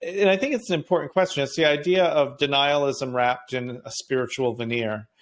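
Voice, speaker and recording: A yoga teacher with a mid-range male voice talks thoughtfully about healing and growth. He speaks in a measured way and laughs softly now and then. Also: mid-range voice. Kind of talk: reflective spiritual conversation.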